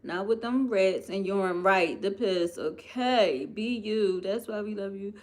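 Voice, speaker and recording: Woman, Philadelphia accent, unhurried, chatty, expressive, reading viewer comments live. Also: mid-range voice. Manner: chatty, expressive, addresses viewers as "y'all" and "girl". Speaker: livestream host.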